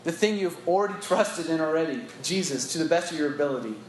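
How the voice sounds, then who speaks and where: A man's voice: on the high side, expressive, fast talker. A reflective man leads a Bible teaching for church staff, earnest and conversational, with a slightly raised voice. He is caught on a phone in a roomy meeting space. A faint hiss runs underneath. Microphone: phone recording. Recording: echoey room on a phone.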